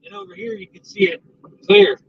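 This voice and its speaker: A man's voice: very high-pitched, wildly swooping pitch, a little fast, gravelly. A man vlogging from a moving car, rambling through casual chat and stories. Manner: rambling, chatty storytelling. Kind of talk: casual chat while driving. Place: car on a highway. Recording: distant, dull in-car recording with road noise.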